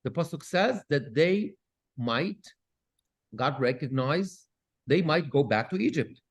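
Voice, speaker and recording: With a fairly high, breathy voice, a male cantor takes his time reading Hebrew verses to a Bible study class. He translates each one and asks lively questions.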